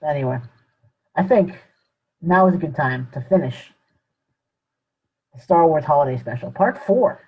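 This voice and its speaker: Husky young man on a lo-fi mic. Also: fairly high pitch, a little slow, long pauses. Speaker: podcast co-host. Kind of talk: casual chat. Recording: dull lo-fi.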